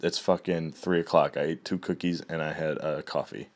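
A man's voice: extremely low pitch, fairly even intonation, normal speed, darkish tone. A young man in a casual, rambling rant, swearing often and laughing at his own stories.

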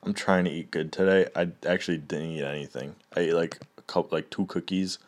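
Young dude rambling and cursing, kinda low voice, laughs a lot. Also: male voice, steady tone, fairly quick. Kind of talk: casual rant.

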